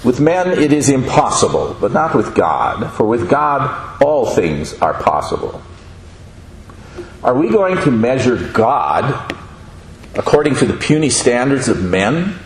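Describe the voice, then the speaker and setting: A man giving a sermon, speaking slowly and deliberately and asking the listeners questions. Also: mid-range voice, sing-song. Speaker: preacher. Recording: echoey room with faint noise.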